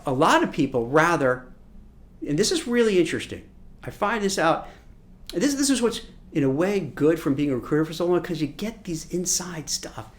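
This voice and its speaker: A man who works as a recruiter, giving casual career advice and acting out imagined conversations. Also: fairly high pitch. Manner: animated, acts out imagined dialogue.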